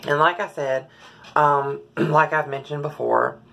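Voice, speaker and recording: A woman talking in a personal vlog, slightly hoarse, halting with many fillers and frequent throat clearing. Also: low voice, steady tone, a bit bright. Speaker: vlogger.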